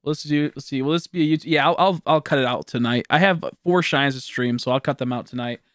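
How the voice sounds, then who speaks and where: A young man streaming a video game, chatting casually with viewers, excitable, profane and often laughing. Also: medium pitch, fast, no echo, clean studio sound. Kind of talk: casual gameplay stream commentary.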